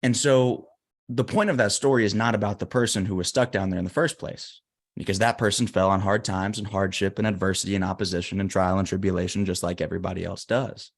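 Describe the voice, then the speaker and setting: A man's voice: low-pitched, steady tone, fast talker. A man as an interview guest telling a story and giving emphatic motivational advice. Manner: earnest, emphatic.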